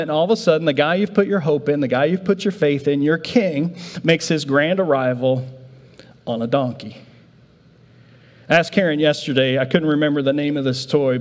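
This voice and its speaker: Man, pastor, sermon, animated storytelling, fairly high voice, long hall reverb. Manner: animated storytelling, voicing disciples in a raised voice. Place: church sanctuary.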